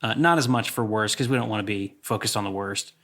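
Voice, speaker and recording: A man's voice: fairly low pitch, a bit bright. A man co-hosting a movie podcast in casual chat, upbeat and steering the segments. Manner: upbeat, runs the segments, quick to laugh. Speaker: podcast co-host.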